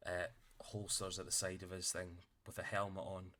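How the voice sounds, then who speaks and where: A man narrates a tabletop game as game master, rambling a little with fillers. His voice is lowish and bright. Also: level tone, moderate pace, slight background noise.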